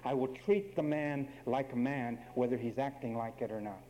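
A man's voice: mid-range voice, moderate pace, warm tone, a little hiss or hum, low-quality recording. A man preaching a sermon, emphatic and wry, speaking straight to the men and women of his congregation.

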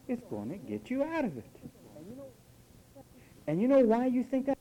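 A man's voice: very high-pitched, moderate pace, poor audio. A man preaching a sermon, emphatic, often mimicking what listeners say. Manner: emphatic, lively rises and drops, quoting listeners in mock voices.

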